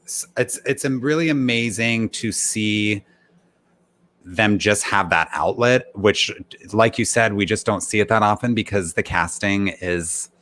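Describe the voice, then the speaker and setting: Lowish-voiced man in casual recap chat. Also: measured pace. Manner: acts out quoted people with lively voice shifts. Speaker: podcast co-host.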